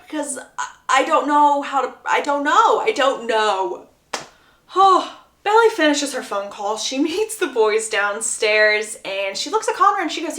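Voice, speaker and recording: A woman giving a chatty, animated plot recap, laughing often and acting out the lines she quotes. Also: high-pitched, normal speed. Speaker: book recap youtuber. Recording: roomy echo.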